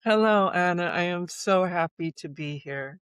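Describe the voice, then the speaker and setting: A woman in her sixties speaks in a measured, introspective way as an interview guest. Her voice is smooth and resonant, and her pace is unhurried. The sound is dry and close. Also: fairly low pitch, no echo. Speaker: guest author. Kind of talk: reflective interview conversation.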